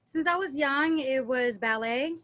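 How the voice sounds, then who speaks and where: High-voiced woman, chatty and animated. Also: measured pace. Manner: animated storyteller, mimics accents playfully. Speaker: dancer and interview guest. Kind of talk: casual interview chat.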